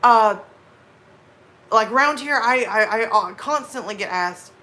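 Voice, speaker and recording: A woman from the American South chats with her live stream viewers in a light Southern accent, laughing often. Her slightly high voice is expressive, pushed, and bright, a little slow, and she slips into drawled Southern phrases.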